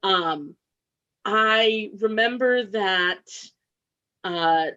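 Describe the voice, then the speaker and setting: A woman joining a casual group chat as a guest, expressive and acting out reactions as she talks. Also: mid-range voice, very slow, clean tone, highs cut off. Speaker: podcast guest.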